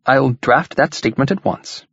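A man reading the part of a weary, careful male diplomat in a measured, dry manner, in a dull lo-fi recording. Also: medium pitch, fairly bright tone, slightly rough, no room sound, pitched above the performer's own voice. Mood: guarded.

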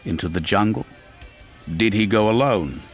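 A man voicing a cool, menacing Imperial officer who speaks slowly and quietly threatens. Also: lowish voice, animated, soft background music, close to an everyday voice. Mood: cold, probing.

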